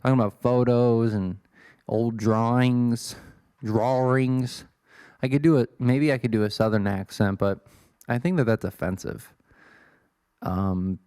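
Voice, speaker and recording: A man's voice: fairly low pitch, mellow, clean tone, no echo, clean studio sound. A man in his twenties from Illinois, hosting a solo podcast in a rambling, self-deprecating way. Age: 20s. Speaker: podcast host.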